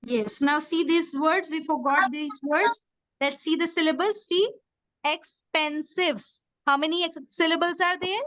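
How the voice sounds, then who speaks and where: A woman's voice: very high voice, moderate pace, fairly bright tone, no echo, rough recording. A woman teaching a grammar class, repeating words patiently and asking students to repeat after her. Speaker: English teacher.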